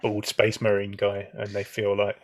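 A man co-hosting a podcast in casual chat, chiming in with quick offhand remarks. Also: lowish voice, completely flat delivery, dry recording. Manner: quick interjections, offhand and chatty. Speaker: podcast co-host.

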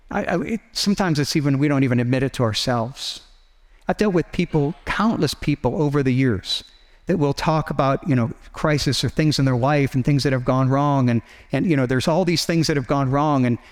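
A man's voice: on the high side, long reverb tail. A man preaching a sermon as pastor, earnest and conversational, with frequent restarts and asides.

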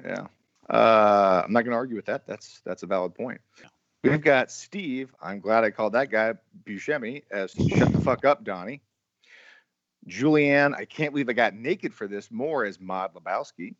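A man's voice: on the low side, moderate pace, a bit bright, dry recording. A man hosts a loose movie podcast and reads through the cast list with running jokes. His voice sounds dry and close, with no room around it. The sound is a bit dull and muffled. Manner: jokey, stumbles and repeats words. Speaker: podcast host. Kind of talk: casual movie podcast chat.

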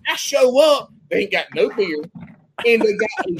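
A man from South Carolina with a Southern accent, swearing freely as he tells loud, animated stories as a podcast guest. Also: extremely high pitch, moderate pace, background noise. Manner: loud, animated storytelling with heavy swearing and drawled Southern slang. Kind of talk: profane casual banter.

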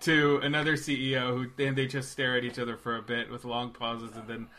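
A man co-hosting a casual movie review chat, animated and rambling, quick to joke. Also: medium pitch. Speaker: podcast co-host.

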